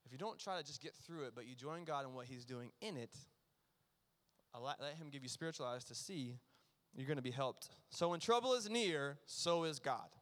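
A man preaching a sermon as pastor, earnest and emphatic, sometimes dropping to a near hush. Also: medium pitch, normal speed. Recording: long reverb of a large hall.

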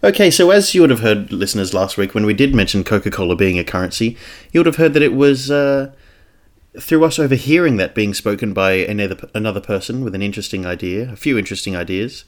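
A man's voice: lowish voice, lively intonation, quick pace. A man with an Australian accent co-hosting a podcast in casual, rambling, jokey banter. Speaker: podcast co-host.

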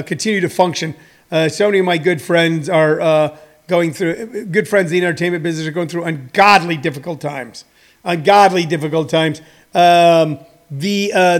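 A man in his sixties who runs a comedy school, talking in a rambling, joking monologue full of fillers. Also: on the high side. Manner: meandering, joking, many fillers.

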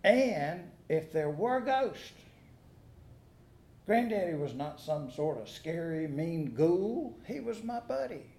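A man's voice: a little high, very animated, slow pace, darkish tone. A man preaching a sermon as pastor, telling stories with dry humor and asking the congregation questions. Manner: folksy storytelling with dry humor and rhetorical questions. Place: church sanctuary. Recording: echoey church sanctuary.

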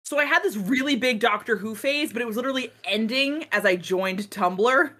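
A woman co-hosting a casual podcast chat, rambling and animated, swearing freely. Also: a little high, brisk. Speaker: podcast co-host.

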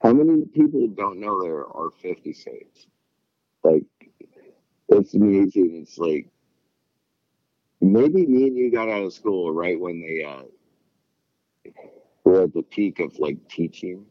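Man, very low voice, dry and dull sound, rambling, swears a lot, casual chat. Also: animated, slow pace, long pauses, dry recording. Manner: rambling, swears freely, acts out quotes.

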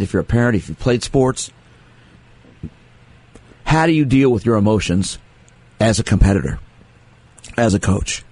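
A man's voice: medium pitch, darkish tone, slightly rough, dry recording. A man who is a sports psychologist hosting a call-in radio show, speaking earnestly and with emphasis, repeating his key phrases. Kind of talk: radio talk monologue taking calls.

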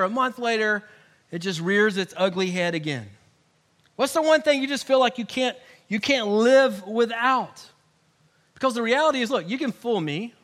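High, bright-voiced man preaching animatedly. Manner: animated, swings from hushed to loud, acts out quoted voices. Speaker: pastor. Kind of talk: sermon.

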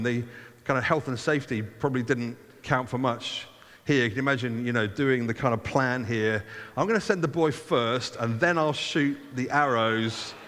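A man's voice: medium pitch, fairly bright tone. Man reading scripture in an echoing hall. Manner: reads scripture then breaks off to comment conversationally. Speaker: preacher. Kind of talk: Bible reading with commentary.

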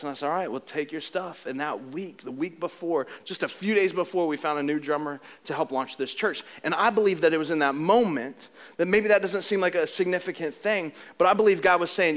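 A pastor preaching a sermon, animated and joking at times, then dropping into a low, earnest tone as he tells a story from his church. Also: moderate pace.

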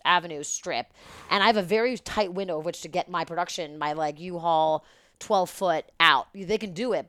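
A woman's voice: on the low side, clean tone, dry recording, clean studio sound. A woman guest on a podcast, telling a story in casual, rambling, profanity-laced chat. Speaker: event producer.

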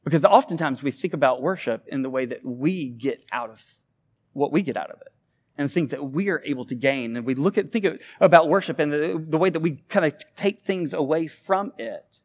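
A man preaching a sermon, animated, with big swings between loud emphasis and quiet asides. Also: a little high, brisk. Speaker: pastor.

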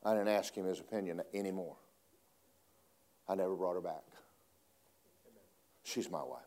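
A man preaching a sermon, swinging between loud emphatic lines and hushed asides. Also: low voice, normal speed.

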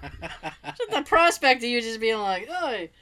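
High bright giggly woman, slow talker. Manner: loud laughter, animated reactions. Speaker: podcast co-host. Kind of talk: casual chat.

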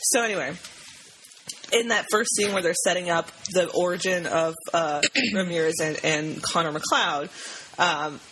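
A woman's voice: fairly low pitch, unhurried, a bit bright, a little hiss or hum, rough recording. A young woman co-hosting a podcast, casually recapping a movie in a rambling, enthusiastic way full of fillers. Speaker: podcast co-host.

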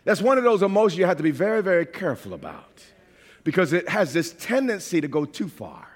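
High-voiced emphatic male preacher. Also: very animated, fairly quick, breathy edge. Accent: New York. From New York. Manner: emphatic preaching, swings from quiet to shouting. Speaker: pastor. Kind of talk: sermon.

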